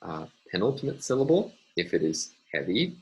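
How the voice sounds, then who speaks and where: A man's voice: sits low, sing-song, moderate pace, rough recording. A man lecturing step by step in a recorded university class, methodical and hesitant, with frequent ums and uhs.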